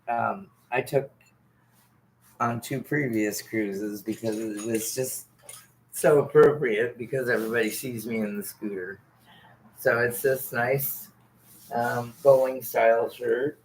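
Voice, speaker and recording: Male guest, mid-pitched voice, slow and halting, with faint noise behind. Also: rough recording. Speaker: guest on live stream. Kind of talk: casual chat.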